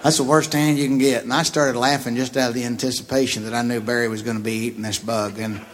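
A man who is a comedian guest, telling a long anecdote in a profane, laughing, animated way. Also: mid-range voice, fast talker, slight background noise. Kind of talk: storytelling anecdote.

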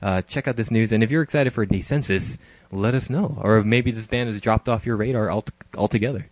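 A man's voice: fairly low pitch, brisk, darkish tone, dry recording. A man co-hosting a casual podcast chat, loose and joking, laughing often. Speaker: podcast co-host.

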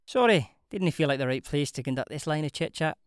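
A woman's voice: deep voice, expressive, fairly quick, dry recording, clean studio sound. A narrator voicing Sophia, a young Glaswegian stripper woman with a musical brogue, blunt and teasing, in an audiobook. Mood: frank, teasing. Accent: Glaswegian Scottish.

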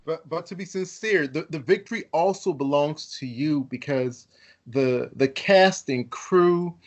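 A man hosting a podcast interview, earnest and deliberate as he asks questions. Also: fairly high pitch. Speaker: podcast host.

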